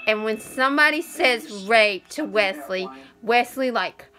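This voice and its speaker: Bright-voiced woman rambling about a book. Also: fairly high pitch, lively intonation, a little slow. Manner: rambling, heavy with "you know" fillers and restarts; enthusiastic, loses train of thought. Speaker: book reviewer. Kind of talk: casual spoken book review.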